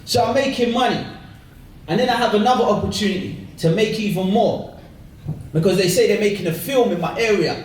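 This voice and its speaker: A man in his thirties from South London with a London accent, telling his life story in a lively, slangy way, recorded from a distance in an echoey hall. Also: sits high, fairly quick. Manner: lively, slangy, acts out voices with laughter. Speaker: speaker sharing his conversion story. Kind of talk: animated personal storytelling talk.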